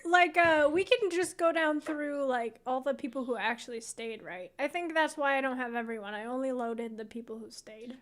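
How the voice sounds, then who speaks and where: A woman's voice: high-pitched, moderate pace, few pauses, fairly bright tone. A woman co-hosting a podcast, talking bluntly in casual slang and laughing along. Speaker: podcast co-host. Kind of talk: casual chat.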